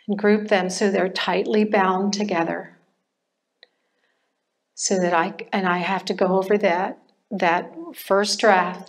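An older woman shares a personal testimony in a church class, taking her time over each phrase. Her voice sits at a middle pitch, and she talks in a reflective way, pausing often and restarting her sentences as she goes. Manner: slow, reflective, with pauses and restarts. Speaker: church member sharing testimony.

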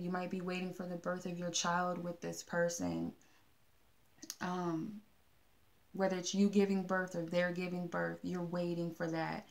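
Gravelly low-voiced woman reading tarot. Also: darkish tone. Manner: meandering, with many fillers and restarts. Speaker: tarot reader. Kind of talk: casual tarot card reading.

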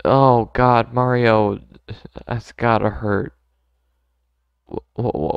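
Slow, gravelly gamer muttering along. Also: male voice, mid-range voice, steady tone, no room sound, lo-fi sound. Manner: laid-back, joking, mutters to himself. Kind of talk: let's play commentary.

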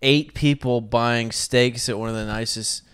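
Man, mid pitch, casual podcast chat, dry joking asides. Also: fairly even intonation, unhurried, fairly bright tone, clean tone. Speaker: podcast co-host.

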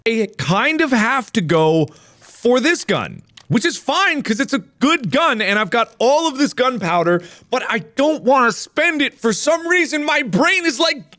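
A man giving let's play commentary, joking around and bursting into shouts while he plays. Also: very high voice, a little slow, dry recording, studio quality. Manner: excitable, jokey, prone to shouting outbursts.

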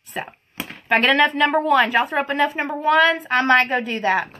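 Lady rambling on a livestream, high bright voice, super chatty and giggly. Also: a little fast. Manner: chatty, greets viewers by name, giggly. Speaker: livestream host. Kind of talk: casual live chat while doing makeup.

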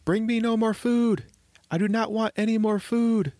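A man voicing a plucky boy the size of a thumb, speaking high and urgently in a storybook reading. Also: animated, unhurried, dry recording. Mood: frantic shouting.

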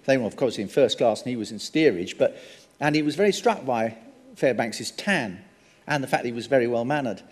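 A man giving a public lecture, an animated storyteller with frequent ums and wry asides. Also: medium pitch, brisk, breathy edge. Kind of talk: public lecture on film history. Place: lecture hall. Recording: long hall reverb.

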